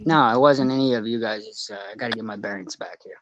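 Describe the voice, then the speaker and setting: A man casually telling a long rambling story, halting and laughing as he goes. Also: on the low side, a crowd in the background, low-quality recording.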